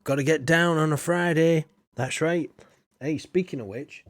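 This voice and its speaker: A man's voice: a little high, moderate pace, no echo, clean studio sound. A man streaming a farming game live, chatting casually and answering viewer comments as he plays.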